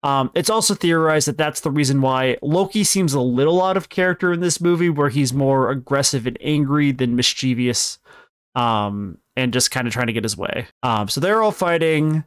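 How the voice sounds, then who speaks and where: A man's voice: mid-range voice, moderate pace, clean tone, no echo, studio quality. A young man co-hosting a casual podcast, recapping a story at length in a rambling, self-correcting way. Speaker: podcast co-host explaining films.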